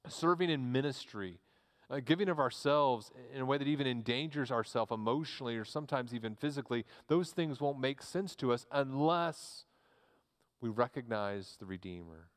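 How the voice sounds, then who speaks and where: A man's voice: mid-range voice, expressive, normal speed, long reverb tail. A man, a pastor preaching a sermon in a church, earnest and repeating words as he restarts his phrases.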